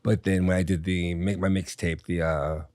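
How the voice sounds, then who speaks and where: A middle-aged man with a bass-baritone voice, a guest chatting in a sassy, campy, animated way. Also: moderate pace, no echo, clean studio sound. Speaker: guest, drag performer and singer. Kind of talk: casual podcast chat.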